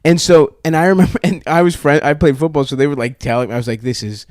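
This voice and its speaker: A man's voice: on the high side, quick pace, a little mellow, no room sound, clean studio sound. A young man on a podcast telling a long story in a casual, rambling, profane way, often restarting his sentences. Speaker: podcast co-host.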